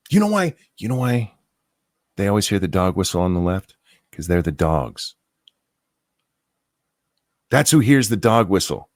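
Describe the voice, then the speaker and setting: Heated, animated male ranter. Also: lowish voice, moderate pace, no echo, studio quality. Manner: profane, heated, mocking outbursts. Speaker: host. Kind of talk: angry political rant.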